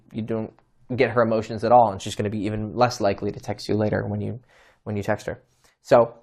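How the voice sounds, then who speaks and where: A young man giving casual dating advice, acting out both sides of conversations. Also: medium pitch. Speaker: dating coach. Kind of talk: casual instructional talk.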